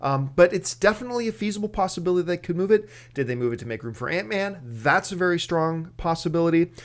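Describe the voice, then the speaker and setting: A man co-hosting a movie news chat, his voice sitting a little high for a man. He talks in a loose, animated way, thinking aloud with fillers and restarts as he weighs the possibilities. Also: fast talker. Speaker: movie news editor, co-host. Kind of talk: casual news discussion.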